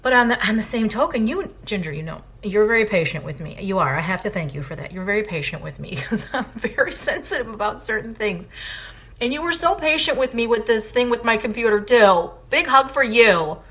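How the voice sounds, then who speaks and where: Her voice medium-pitched, expressive, and fairly bright, this middle-aged podcast co-host talks a little fast in casual chat. She's impassioned and emphatic, hammering her opinions home through repetition.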